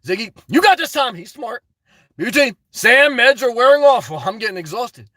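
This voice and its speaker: A man live-streaming, chatting to viewers in a high-energy, effusive way as he answers their messages. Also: very animated, moderate pace, sharp tone, no room sound. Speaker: live streamer reading chat and donations. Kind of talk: casual live-stream chat.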